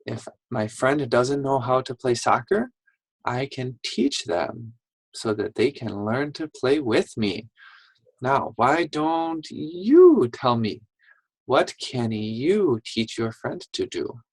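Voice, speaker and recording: A woman teacher giving a reading lesson to young children, animated and slow, with gasping praise. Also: extremely low pitch, husky, dry recording, rough recording.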